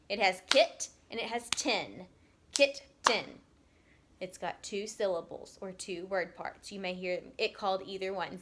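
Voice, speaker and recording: Woman teacher, middle-pitched voice, slow and patient, sounding words out for small children. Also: fairly bright tone. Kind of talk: recorded classroom lesson for young children.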